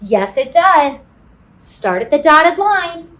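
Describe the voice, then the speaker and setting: A woman leads a kindergarten phonics lesson in a slow, sing-song, encouraging way. Her voice sits high and swoops widely, and she drops in playful sound effects. Every word comes very slowly and carefully. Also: big pitch swings, fairly bright tone. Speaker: kindergarten teacher. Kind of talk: teaching a phonics lesson to young children. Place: classroom.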